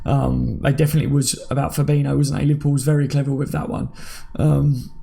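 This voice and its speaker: A man's voice: mid-range voice, flat delivery, fast, vocal fry, dark tone, a little hiss or hum. A man in his thirties hosting a casual live stream, chatting with viewers and reading out their comments by name. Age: 30s. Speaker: livestream host.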